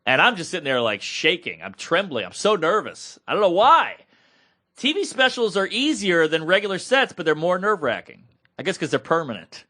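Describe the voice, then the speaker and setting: A man in his thirties co-hosting a podcast, telling a story in a loose, animated way, swearing freely and acting out the people he quotes. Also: high voice, brisk. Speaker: podcast co-host. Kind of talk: casual storytelling chat.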